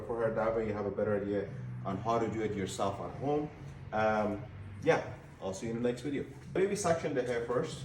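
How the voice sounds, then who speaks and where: A man's voice: fairly low pitch, a little mellow, a little hiss or hum. Man giving a hair-drying tutorial. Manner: instructive, repeats words often. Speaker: hair stylist. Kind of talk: casual how-to demonstration. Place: hair salon. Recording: echoey salon room, faint ambience.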